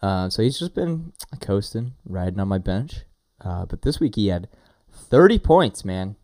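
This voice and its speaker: A man co-hosting a fantasy football podcast in casual, animated chat with friendly slang. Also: lowish voice, a little slow, no echo, studio quality.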